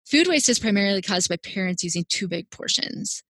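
Woman guest, feeding expert, animated and reassuring, dry close sound. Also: mid-range voice, brisk, breathy edge, dry recording. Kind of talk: casual interview talk.

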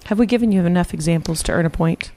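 A woman's voice: on the low side, quick pace, warm tone. A woman, a mother and podcast guest, chatting playfully and giving everyday examples in a casual way. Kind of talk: casual chat.

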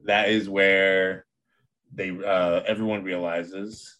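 Co-host, man, low pitch, relaxed plot recap with laughs. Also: takes it slowly. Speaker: podcast co-host. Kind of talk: casual chat.

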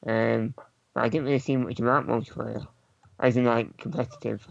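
A man's voice: mid-range voice, steady tone, fairly quick, creaky, no echo. A man co-hosting a casual games podcast, speaking in a matter-of-fact, informative way. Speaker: podcast co-host.

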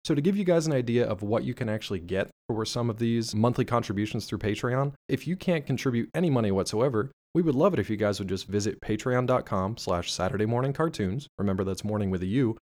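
A man's voice: lowish voice, a little mellow. Upbeat, jokey male podcast co-host. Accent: Eastern Pennsylvania. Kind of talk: casual podcast chat.

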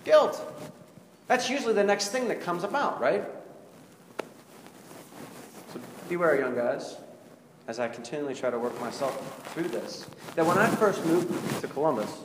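In an echoey hall with some background noise, a male pastor delivers a conversational, confessional sermon, posing rhetorical questions to his congregation. His voice is a little high and very animated, moving at a measured pace with long pauses.

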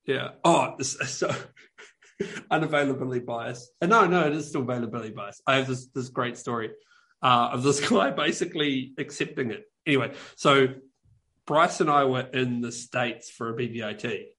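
A New Zealand man in casual podcast chat, his voice sitting at an ordinary middle pitch. He tells stories in a loose, rambling way, stacking fillers and restarting sentences as he goes. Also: moderate pace, bright, forceful tone. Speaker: podcast co-host.

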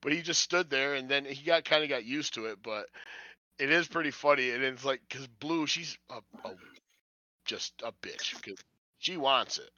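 A man's voice: mid-range voice, moderate pace, sharp tone. A man hosting a casual podcast from home, rambling, swearing and laughing as he talks. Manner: rambling, profane, laughs often. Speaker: podcast host. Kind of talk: casual chat. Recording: dull lo-fi audio.

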